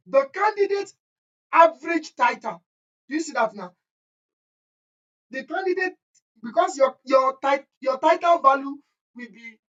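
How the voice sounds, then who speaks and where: A woman's voice: high-pitched, a bit bright. Emphatic woman teaching chemistry. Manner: repetitive, emphatic, checks understanding often. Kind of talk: online exam-prep lesson. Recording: dull lo-fi audio.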